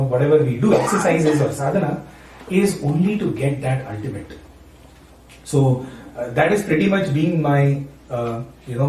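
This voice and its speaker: Brief man, devotional speaker, chatty and talkative, slightly higher voice, picked up from a distance in a very echoey room. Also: a little mellow. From Maharashtra, India. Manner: chatty, frequent "right?" and "you know". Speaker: spiritual speaker and university teacher. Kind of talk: informal devotional talk.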